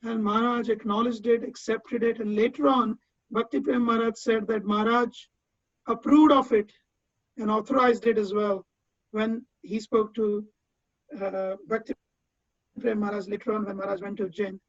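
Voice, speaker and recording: A man's voice: high-pitched, level tone, normal speed, dry recording. A man giving a heartfelt tribute speech as a disciple, telling personal memories earnestly, often restarting his phrases. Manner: earnest, with frequent repeated starts. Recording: dull, dry lo-fi sound.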